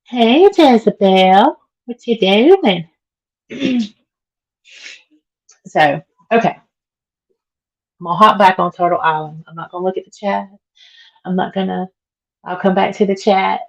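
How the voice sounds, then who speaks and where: A woman's voice: medium pitch, fairly even intonation, a little slow, creaky, long pauses, poor audio. A woman hosting a casual livestream from home while she cleans. She chats with viewers, answers their comments and laughs often, and her voice is worn from being sick. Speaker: livestream host. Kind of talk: casual live chat.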